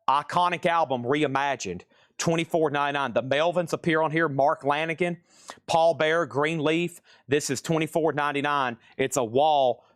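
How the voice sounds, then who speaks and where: A man hosting a live online record sale in a room full of record crates, energetically rattling off bids and prices in a fast selling patter. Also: a little high, no room sound, clean studio sound. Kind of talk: live sales stream patter.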